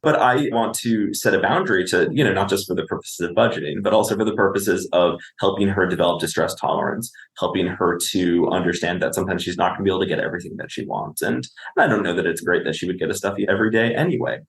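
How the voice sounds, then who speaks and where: A man's voice: low voice, quick pace, vocal fry, hardly any pauses, reverberant. A man, a clinician and podcast guest, explaining parenting in conversation, often asking "right?" and acting out what a parent would say.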